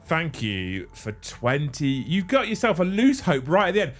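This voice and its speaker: A man's voice: fairly high pitch, wildly swooping pitch, moderate pace, faint music behind. A man hosting a casual livestream, bantering and thanking viewers, with a bit of swearing. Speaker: livestream host.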